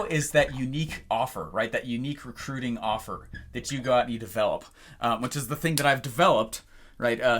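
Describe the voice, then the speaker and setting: A young male business coach with a bright, ringing voice. He tells stories with a lot of energy and acts out the phone calls as he goes. His pitch swings widely up and down. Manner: animated storyteller who acts out phone calls. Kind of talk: energetic talking-head lesson.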